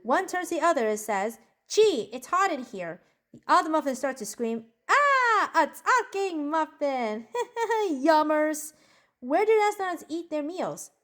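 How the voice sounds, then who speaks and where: A woman doing bubbly high-pitched Gwen Tennyson. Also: big pitch swings, moderate pace. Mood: cheerful joking. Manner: bubbly, giggly joke-telling. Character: cheerful bookish preteen girl, upbeat and chatty. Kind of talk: journal-style character monologue.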